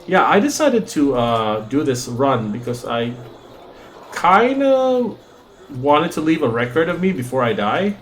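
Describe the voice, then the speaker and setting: A man's voice: fairly high pitch, sing-song, measured pace, a little hiss or hum. Rambling man chatting during a let's play. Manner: rambling, joking, chatting with viewers. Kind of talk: casual gameplay commentary.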